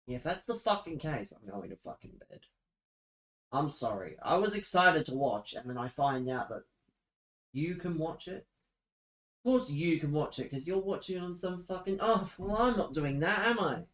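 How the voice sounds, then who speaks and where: A man's voice: a little high, expressive, normal speed, a bit bright, rough recording. Exasperated young man ranting to chat. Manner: exasperated, profane, sarcastic. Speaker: streamer. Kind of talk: live-stream rant to chat.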